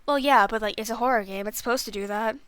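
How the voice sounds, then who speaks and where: Young female streamer, casual rambling review, clear voice, dry close mic. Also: a little high, fast talker, fairly bright tone, dry recording. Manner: rambling, self-deprecating, lots of fillers. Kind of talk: casual game review chat.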